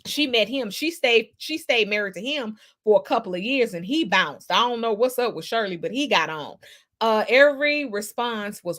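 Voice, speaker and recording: Animated, high-pitched woman gossip host. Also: moderate pace. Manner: animated, emphatic, salty and profane; chatty, greets viewers by name. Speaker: livestream host reading chat. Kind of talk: casual gossip commentary.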